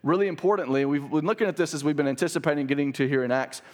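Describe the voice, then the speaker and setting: A man's voice: fairly high pitch, rapid-fire. A man preaching a sermon as pastor, earnest and emphatic, pushing up on stressed key words. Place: church sanctuary.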